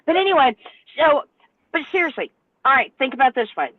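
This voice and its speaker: A woman, a truck driver telling an exasperated, animated story on a podcast panel. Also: high-pitched, fairly quick. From North Carolina, US. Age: 60s. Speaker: truck driver and owner operator, panel guest. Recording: tinny phone-like line, dry.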